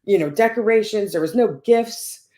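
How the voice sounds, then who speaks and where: A woman's voice: mid-range voice, moderate pace, dark tone. A woman guest telling a personal story in conversation, earnest and chatty, often checking in with "right?".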